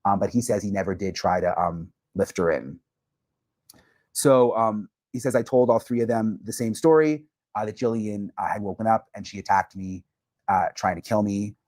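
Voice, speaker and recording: A man's voice: lowish voice, normal speed, a little mellow, no echo. A male reporter soberly recounting court testimony, with many filler words.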